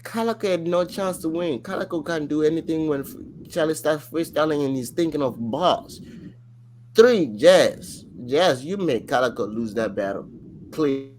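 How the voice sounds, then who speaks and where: A man co-hosting a casual podcast, his voice sitting a little higher than most men's. He tells stories in an animated, rambling way, stacking fillers as he goes, with a faint hum of noise underneath. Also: moderate pace. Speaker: podcast co-host.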